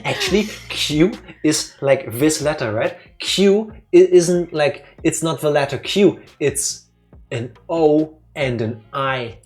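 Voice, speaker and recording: A man chats casually while playing a game, excitable and rambling as he spins joking theories. Faint game music sits behind his voice. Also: fairly high pitch, takes it slowly. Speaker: let's play co-host. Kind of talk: casual gameplay chat.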